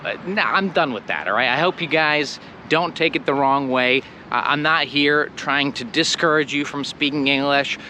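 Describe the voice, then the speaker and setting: A man's voice: a little high, bright, forceful tone, slight background noise. A man teaching English pronunciation straight to his viewers, blunt and emphatic, repeating the sounds again and again. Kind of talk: direct-to-camera pronunciation lesson.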